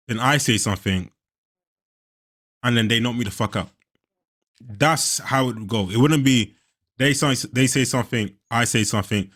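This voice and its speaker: A young man hosting a movie reaction, animated and profane, laughing often as he talks. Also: fairly low pitch. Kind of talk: casual reaction commentary.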